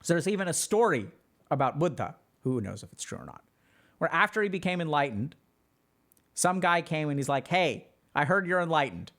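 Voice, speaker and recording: Man, streamer host, relaxed chatty explainer with fillers, slightly higher-pitched voice. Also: fairly quick. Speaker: streamer answering chat. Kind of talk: casual livestream talk.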